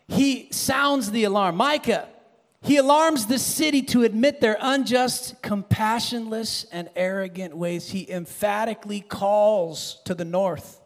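A man preaching a sermon, animated, building to shouted emphasis and dropping low again. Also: normal speed, big-room sound.

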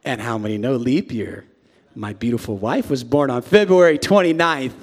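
A man in his forties preaching a sermon as a pastor, swinging between hushed asides and sudden shouts. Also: mid-range voice, moderate pace. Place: large church sanctuary. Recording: long reverb of a big hall.

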